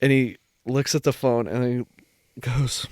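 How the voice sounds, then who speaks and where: A man's voice: mid-range voice, fairly even intonation, takes it slowly, a little mellow, no echo, studio quality. A young man co-hosting a podcast, rambling in casual chat and acting out quotes. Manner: rambling, lots of "like", acts out quotes. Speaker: podcast co-host.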